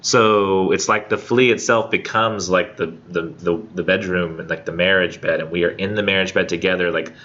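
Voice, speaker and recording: A man teaching a college English class, reading poetry aloud and then paraphrasing it in a casual, animated way full of fillers. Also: low-pitched, normal speed, hardly any pauses, lo-fi sound.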